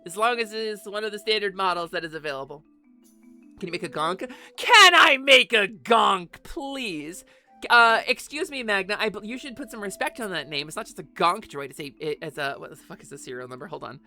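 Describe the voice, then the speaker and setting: A woman streaming live and chatting casually with her viewers, excitable and talkative, swearing freely and breaking into sudden squeaky outbursts. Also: fairly quick, faint music behind. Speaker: VTuber streamer. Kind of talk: casual livestream chat.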